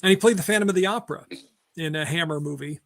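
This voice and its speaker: Gravelly man rambling about old films. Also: a little high, fast, a bit bright. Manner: rambling, trails off into film trivia with many fillers. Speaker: podcast host. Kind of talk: casual film discussion.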